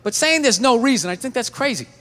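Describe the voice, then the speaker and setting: A man's voice: very high-pitched, animated, fast, a bit bright. A man doing a stand-up comedy routine, ranting and swearing in exasperation before a live audience.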